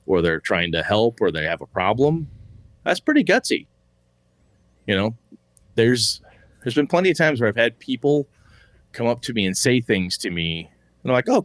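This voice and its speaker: A man's voice: lowish voice, no room sound. A man co-hosting a casual podcast, rambling and swearing freely as he reads listener mail. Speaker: podcast co-host.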